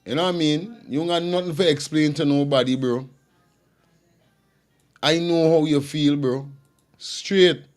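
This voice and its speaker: A man's voice: on the high side, fairly even intonation, measured pace, long pauses, soft background music. A man giving impassioned online commentary, preachy and emphatic, hammering his point through repetition. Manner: preachy, emphatic, repeats phrases.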